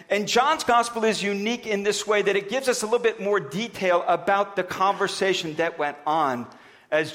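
A man's voice: high voice, a bit bright. A man preaching a conversational sermon and reading scripture aloud, with a few restarts along the way. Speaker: pastor.

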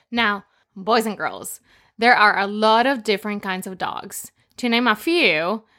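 A woman co-hosting a children's lesson, teaching simple Spanish words and telling playful jokes in a slow, cheerful voice. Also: a little high, a bit bright.

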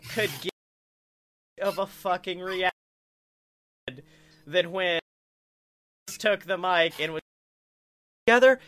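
A man hosting a casual wrestling podcast, excitable and quick to laugh, who slips into goofy put-on voices. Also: sits high, dry recording.

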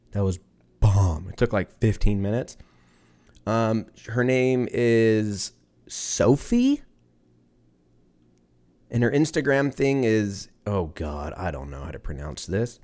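A solo podcast host in his thirties rambles casually, dropping swear words and laughing at his own humor. His voice is mid-range with a darkish tone.

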